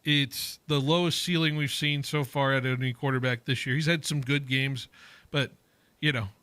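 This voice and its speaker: A man's voice: medium pitch, fairly even intonation, normal speed, sharp tone, no room sound. A man hosting a sports radio show, talking casually and rambling, often breaking off and restarting his sentences in the studio. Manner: chatty, rambling, self-interrupting.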